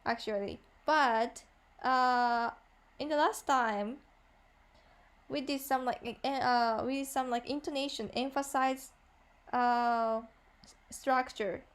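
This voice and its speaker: A woman with a Japanese accent teaches a beginner class, her voice sitting a little high. She explains slowly and patiently, filling pauses with "uh" and repeating each example sentence. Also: steady tone. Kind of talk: online language lesson.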